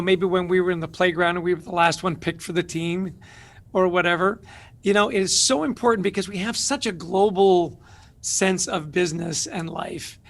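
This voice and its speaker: A man's voice: high-pitched, a bit bright. A middle-aged man, an author and guest, telling stories energetically in an interview with emphatic rhetorical questions.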